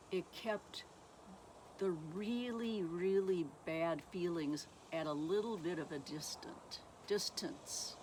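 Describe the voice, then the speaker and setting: A middle-aged woman telling her personal faith testimony slowly and haltingly, with many pauses. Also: fairly low pitch, a little hiss or hum. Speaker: speaker sharing her testimony.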